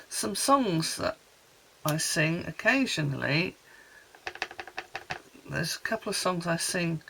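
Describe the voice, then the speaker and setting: A woman's voice: fairly low pitch, vocal fry, pushed and bright, a little hiss or hum, poor audio. A woman from Wales chatting homely and rambling as she makes cards at her desk. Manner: chatty, homely, rambling asides while working. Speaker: card-making crafter. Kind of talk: casual crafting tutorial chat.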